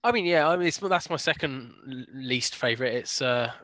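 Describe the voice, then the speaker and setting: Man, co-host, wry jokey chat, lively bright voice, slightly high. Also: fairly quick, dry recording. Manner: wry, jokey, laughs a lot. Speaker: podcast co-host. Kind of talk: casual chat.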